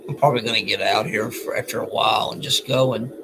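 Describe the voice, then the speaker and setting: A man's voice: fairly low pitch, fairly even intonation, fast talker, noisy background. A man venting alone at home at night, weary and bitter, sighing often. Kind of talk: venting monologue.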